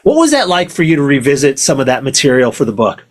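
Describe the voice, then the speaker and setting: A man's voice: mid-range voice, wildly swooping pitch, fast. A man hosting an interview, asking questions in an earnest, openly emotional way. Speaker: podcast host and interviewer.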